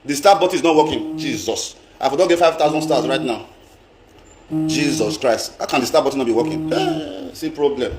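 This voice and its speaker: A man's voice: on the high side, big pitch swings, quick pace, hardly any pauses, background noise. A Nigerian man ranting on a live stream in a casual way, repeating himself and mixing in pidgin. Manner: emphatic, repeats phrases, mixes in pidgin. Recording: roomy echo.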